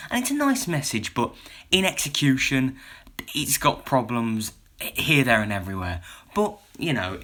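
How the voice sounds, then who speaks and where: A man's voice: mid-range voice, bright, forceful tone. A young man giving a casual, meandering video review, with lots of restarts and "you know" fillers.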